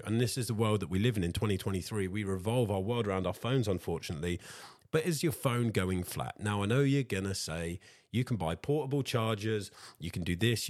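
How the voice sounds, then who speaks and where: Talkative and easygoing, a man with a very low voice runs a solo motivational podcast, repeatedly addressing his audience as guys and going over the same points more than once. The mic sits close, and the sound is dry with no room around it.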